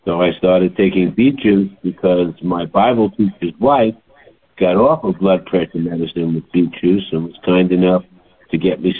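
A man in his late seventies telling a story in a chatty, animated way, as a holistic health practitioner. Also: deep voice, husky. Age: older. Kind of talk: casual monologue. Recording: tinny phone-like sound.

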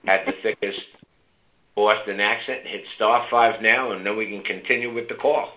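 A man's voice: fairly low pitch, steady tone, moderate pace. An older man hosting a call-in health show, talking brashly and teasing his callers. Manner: brash, teasing, coaxing listeners. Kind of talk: casual call-in talk. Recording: phone-like narrow line.

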